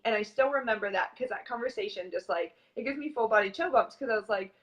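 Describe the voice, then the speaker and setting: A woman's voice: a little high, fast, few pauses, lo-fi sound. A woman host talking animatedly and emphatically as she recounts reaching out to her guest, in a conversational interview.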